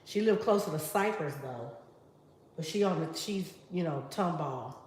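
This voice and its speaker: Lady hosting a live cooking stream, lowish voice, reads out comments, roomy kitchen sound. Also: lively intonation, normal speed, a little mellow, slight background noise. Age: middle-aged. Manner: chatty, talks straight to viewers, reads out comments. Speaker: livestream host. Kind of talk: casual live chat while cooking. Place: home kitchen.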